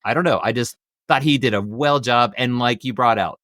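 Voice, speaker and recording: A man's voice: medium pitch, normal speed, a bit bright, dry recording, clean studio sound. A man hosting a casual podcast discussion, rambling a bit and repeating himself as he passes questions to his guests. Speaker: podcast host. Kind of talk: casual chat.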